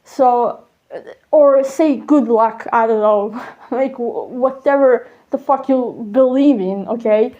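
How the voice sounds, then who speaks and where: A woman rambling casually in an audio diary, swearing and halting as she wraps up. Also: fairly high pitch, dark tone. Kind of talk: casual spoken musing. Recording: dull lo-fi recording.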